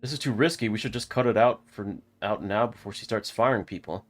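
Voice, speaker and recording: A man's voice: fairly low pitch, fairly quick, soft background music, close to an everyday voice. A man voicing an anxious young male miner who is worried about money, pleading with his crew.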